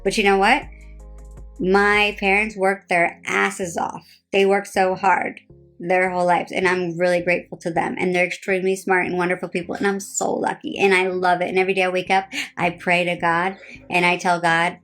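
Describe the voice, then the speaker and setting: A woman's voice: on the low side, flat delivery, moderate pace, a bit bright, soft background music. A tired woman in her thirties with a New Jersey accent, chatting casually on a phone live stream, rambling with lots of "like" fillers and a sarcastic edge. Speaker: reality TV personality on a live stream.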